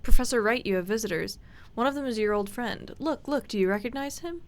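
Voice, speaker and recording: A woman's voice: on the high side, brisk, pitched above the performer's own voice, close to an everyday voice. A woman voicing a fussy, kindly elderly female housekeeper in a game, with a put-on accent. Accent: put-on accent unlike the other figures.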